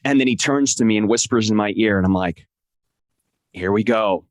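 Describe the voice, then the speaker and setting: A man as a podcast guest, telling an excited, emotional story and acting out what people said. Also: quick pace, dry recording. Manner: acts out quotes with big pitch jumps. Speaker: podcast guest, wrestling translator. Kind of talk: animated storytelling in conversation.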